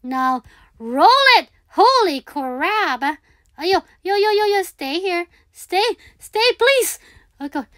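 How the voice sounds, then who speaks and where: A woman's voice: extremely high pitch, expressive, slow, fairly bright tone, no room sound, clean studio sound. A woman giving live commentary on her own gameplay, talking herself through each move, repeating words and pleading with the game. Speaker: gaming video creator.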